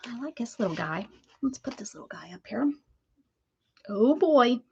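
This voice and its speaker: Lady crafting on a live stream, kinda high voice, chatty and rambly, says hi to viewers, muffled lo-fi audio. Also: sing-song, normal speed, gravelly, darkish tone, slight background noise. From Pittsburgh area, US. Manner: chatty, greets viewers by name, rambles while working. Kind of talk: casual live-stream chat while crafting.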